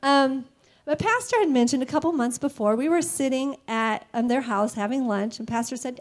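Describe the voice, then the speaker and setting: A woman with a bright, high voice tells her story of faith in an earnest, emotional way. She sounds close to tears, and her voice stays open and heartfelt throughout. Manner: emotional and earnest, quick to laugh. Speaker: church member giving a testimony. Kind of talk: personal faith testimony.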